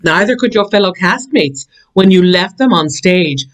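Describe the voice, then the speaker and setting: A woman's voice: lowish voice, expressive, normal speed, close to an everyday voice. A woman playing a teasing female ghost of missed entrances in a stage play. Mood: gloating. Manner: teasing, gloating. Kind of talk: community theater stage play.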